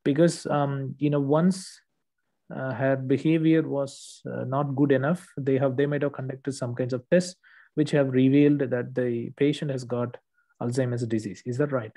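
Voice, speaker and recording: Male English tutor, patient explanatory manner, warm dark timbre, mid pitch. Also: fairly even intonation, normal speed. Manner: patient, explanatory, frequent "okay" checks. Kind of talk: one-on-one correction lesson.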